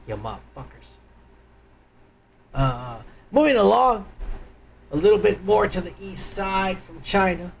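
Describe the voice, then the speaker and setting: A man's voice: on the high side, slight background noise. A man hosting a livestream, reacting to clips in crude, mocking, profane commentary aimed straight at his viewers. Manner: crude, loud, mocking, addresses viewers directly. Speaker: livestream host.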